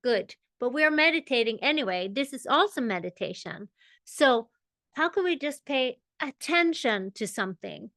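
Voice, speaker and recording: A woman teaching a meditation class, explaining ideas in an unhurried way and checking in with her listeners. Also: high-pitched, lively intonation, fairly bright tone, dry recording. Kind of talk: spiritual teaching.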